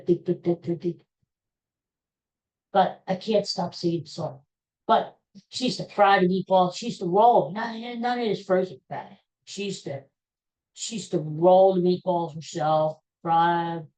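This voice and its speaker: A middle-aged woman with a low, mellow voice hosts a solo podcast. She rambles along casually, circling back and restarting her sentences. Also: rough recording. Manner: rambling, chatty, with frequent restarts and fillers. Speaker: podcast host.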